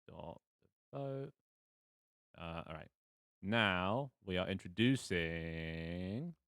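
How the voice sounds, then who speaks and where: A man's voice: deep voice, expressive, drawn-out words, a bit bright, smooth, no room sound, studio quality. A man as game master, narrating a tabletop game on a casual live stream in a rambling, self-mocking way with fillers and swearing.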